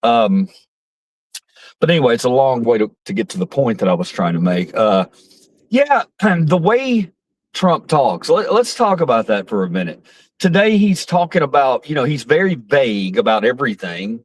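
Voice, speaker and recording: A man's voice: mid-range voice, sing-song, moderate pace, dry recording. Profane ranting man on a stream. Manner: profane, mocking, rambling with restarts. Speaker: political commentary streamer. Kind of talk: casual ranting commentary.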